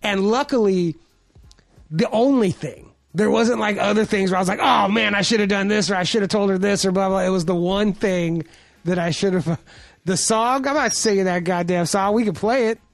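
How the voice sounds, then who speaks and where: Man, podcast co-host, high voice, dry sound, swearing a lot, rambling story. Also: moderate pace, no room sound. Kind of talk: casual chat.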